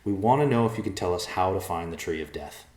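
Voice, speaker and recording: A man's voice: low-pitched, lively intonation, fast talker, a little mellow, echoey room. A man voicing an earnest, polite young human man on a quest.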